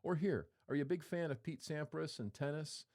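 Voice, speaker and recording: A man's voice: fairly high pitch, brisk, darkish tone. A man preaching a sermon in a conversational, playful way, acting out quotes as he goes. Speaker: pastor.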